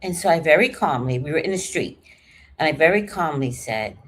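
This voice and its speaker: Husky-voiced woman telling a story. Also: lowish voice, brisk. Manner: animated, acts out quoted voices. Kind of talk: casual storytelling.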